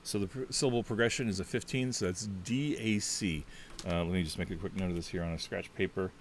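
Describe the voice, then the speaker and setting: A man casually talking through a solo tabletop game, thinking out loud and rambling with lots of fillers. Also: sits low, steady tone, quick pace, background noise.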